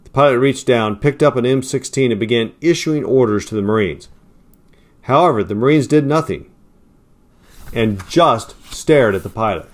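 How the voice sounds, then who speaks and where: A man's voice: expressive, normal speed. A man reading a war story aloud as narrator, in a plain storytelling manner. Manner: raises pitch and volume for quoted lines, drops low and quiet for tags.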